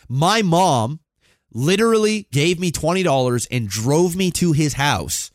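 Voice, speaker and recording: A man in his thirties telling a story on a podcast, animated and full of swearing. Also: mid-range voice, brisk, no room sound, clean studio sound. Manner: animated, swears a lot, acts out quotes. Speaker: podcast co-host. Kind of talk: casual storytelling.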